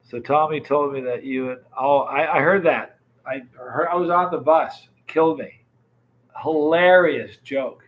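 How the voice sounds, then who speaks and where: A man's voice: medium pitch, fairly even intonation, moderate pace, dull audio. A man with a stuffed-up, congested nose, hosting a casual livestream chat and greeting viewers by name with rambling asides. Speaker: livestream host.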